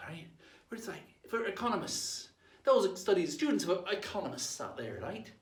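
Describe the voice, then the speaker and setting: Boisterous Australian pirate-captain presenter. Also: male voice, high-pitched, very animated, normal speed. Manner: boisterous, laughing, call-and-response shouts. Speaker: pirate-themed children's presenter. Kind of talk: playful pirate lesson for kids. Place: aboard an old sailing ship in a harbour. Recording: echoey sound from a distant mic.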